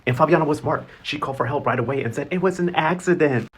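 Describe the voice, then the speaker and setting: A man hosting a casual, slangy recap, animated and gossipy and swearing freely. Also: fairly high pitch, fast, slight background noise. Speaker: novela recap host.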